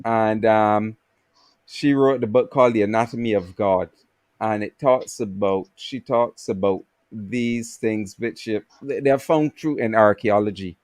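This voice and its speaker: A man on a video call in a casual livestream discussion, explaining slowly with many fillers and restarts. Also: on the low side, a little mellow, dry recording.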